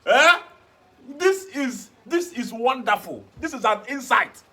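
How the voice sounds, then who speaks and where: Enthusiastic high-voiced Nigerian man. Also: expressive, takes it slowly, pushed and bright. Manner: enthusiastic, earnest agreement. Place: television studio.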